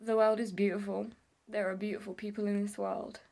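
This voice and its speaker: A woman's voice: mid-range voice, little pitch movement, fairly quick, creaky, a little mellow. A young woman telling a personal story to camera in a candid, emotional vlog, swearing casually and tearing up at times. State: tearful at times. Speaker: vlogger.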